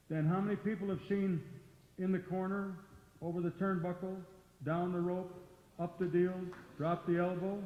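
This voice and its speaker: A man's voice: sits high, moderate pace. An older man, a former wrestler, telling blunt, profane stories to a live audience. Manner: gruff, profane, outspoken. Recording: roomy hall, muffled sound.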